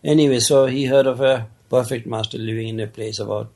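A man telling a parable in an unhurried, conversational way, with many casual asides. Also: medium pitch, fairly even intonation, darkish tone. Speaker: storyteller. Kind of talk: casual spoken storytelling of a parable.

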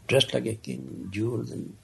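Man, storyteller, gravelly rasp, husky tone, unhurried conversational parable. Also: fairly low pitch, very animated, darkish tone. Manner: unhurried, conversational, many asides. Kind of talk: casual spoken storytelling of a parable.

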